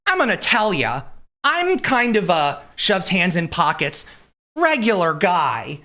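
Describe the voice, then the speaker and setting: A man's voice: high voice, huge pitch swings, slow, pushed and bright, exaggerated voice. A man putting on an earnest, folksy young theater-kid guy with a sing-song lilt.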